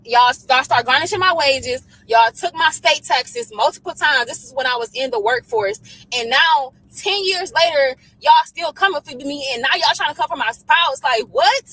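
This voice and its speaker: A woman's voice: high-pitched, animated, moderate pace, a bit bright, rough recording. A woman, venting frustrated to viewers in a social media video, swearing often. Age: 20s.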